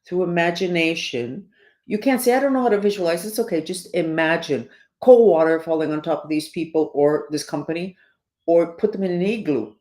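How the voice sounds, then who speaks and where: Preachy woman on her podcast with hiccups, kinda low voice, echoey room. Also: brisk, mellow. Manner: emphatic and preachy, swinging up and down. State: has the hiccups. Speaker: podcast host. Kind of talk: casual spiritual talk to listeners. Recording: roomy echo.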